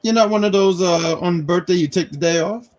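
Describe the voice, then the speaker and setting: A man from New York hosting a casual live wrestling review stream, telling animated stories with self-mocking jokes. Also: sits high, brisk. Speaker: podcast host.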